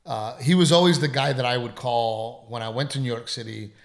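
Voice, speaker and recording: A comedian with a gravelly, creaky, mid-range voice tells a story fairly quickly in a casual podcast chat, speaking emphatically and swearing freely. He sounds congested, as though he's getting over an illness.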